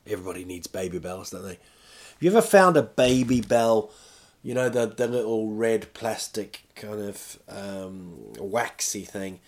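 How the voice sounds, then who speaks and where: A man's voice: on the low side, animated, measured pace. Chatty self-deprecating man rambling at home. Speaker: vlogger. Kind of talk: casual rambling monologue.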